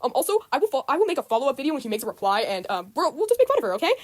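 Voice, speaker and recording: A woman's voice: high voice, very animated, very fast, dry recording. A teenage girl, upset, rambling through a casual rant to camera, repeating herself with lots of ums. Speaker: student vlogger.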